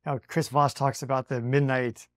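A man's voice: mid-range voice, little pitch movement, normal speed, no room sound. A male podcast host with a mid-range voice asks questions casually and laughs along with his guest. The sound is dry and close. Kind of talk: casual interview.

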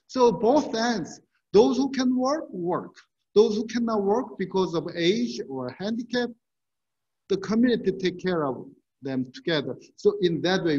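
Male pastor, earnest sermon delivery, unhurried, dull lo-fi recording. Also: sits high, a little mellow. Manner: earnest, measured preaching with rhetorical questions. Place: church sanctuary.

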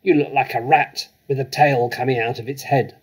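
A man's voice: mid-range voice, sing-song, a little fast, darkish tone, breathy edge. A man reading aloud, voicing a huge, bullying headmistress who barks and bellows at a child. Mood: bellowing. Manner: barking, bellowing.

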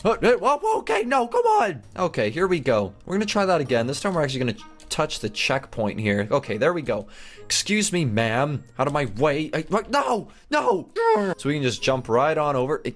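A young man giving excited game commentary, narrating each move with gasps, laughs and chatter to his viewers. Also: mid-range voice, fairly quick, soft background music. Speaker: gaming YouTuber.

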